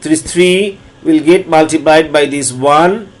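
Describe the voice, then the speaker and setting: In a recorded math lecture, a man with a slightly high voice explains differential calculus. He moves through every step slowly and repeats phrases as he goes.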